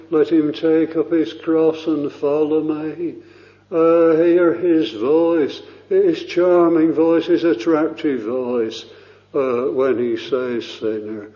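A man preaching a sermon slowly and solemnly, often pausing with "uh" and rising in fervour, on a muffled, low-fidelity recording.

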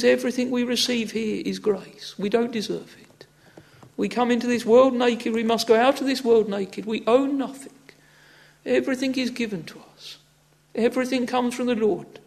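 A man's voice: very high voice, darkish tone. A man preaching a sermon in an earnest, exhorting manner, often breaking in with "ah, friends" and "oh".

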